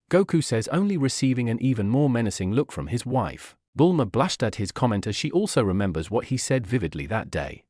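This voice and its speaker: Man reading a story, very lively pitch. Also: moderate pace, hardly any pauses, no room sound, studio quality. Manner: animated storytelling. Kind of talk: reading fan fiction aloud.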